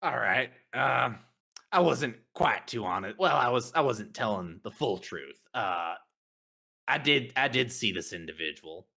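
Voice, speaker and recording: A man's voice: medium pitch, expressive, a little slow, creaky, bright, forceful tone, exaggerated voice. A man playing a grumbling rustic blacksmith. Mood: hesitant. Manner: folksy, hesitant, rambling talk. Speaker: player. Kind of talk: in-character tabletop role-play.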